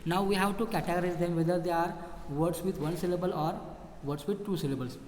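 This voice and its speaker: Male teacher, deliberate lesson delivery, echoey classroom. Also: sits high, steady tone, darkish tone, a little hiss or hum. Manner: slow, deliberate reading of word lists with fillers. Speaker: English teacher. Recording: echoey room with long reverb.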